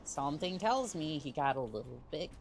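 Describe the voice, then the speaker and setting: A woman streamer chatting to her viewers in a jokey, relaxed way as she plays through a game. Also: sits low, normal speed, slight background noise. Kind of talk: casual gameplay commentary.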